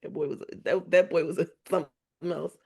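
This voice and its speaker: A woman's voice: fairly low pitch, a little fast, creaky, slightly rough. Mother, guest on an interview podcast. Emotional but upbeat storyteller, laughs a lot, acts out dialogue. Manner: animated, laughs often, acts out remembered dialogue.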